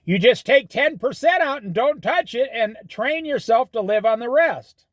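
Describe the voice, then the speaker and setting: Host, middle-aged man, high bouncy voice, folksy sermonizing monologue, dry close sound. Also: animated, normal speed, dry recording. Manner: folksy, preachy advice with storytelling. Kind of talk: casual monologue.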